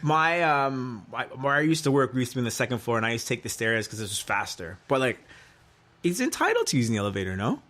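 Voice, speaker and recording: A man's voice: medium pitch, big pitch swings, quick pace, a bit bright. A man on a podcast, arguing his point in a hesitant way in casual chat. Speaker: podcast co-host.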